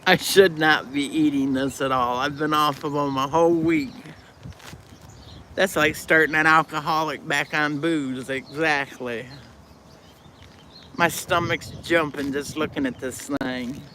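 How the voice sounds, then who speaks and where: An older woman hosts a casual live stream and chats with her viewers in a blunt, homespun way between bites of food. She speaks at an unhurried, slow pace, and her voice has a bright, forward edge. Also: low-pitched, steady tone, slight background noise. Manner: blunt, folksy, talks while eating.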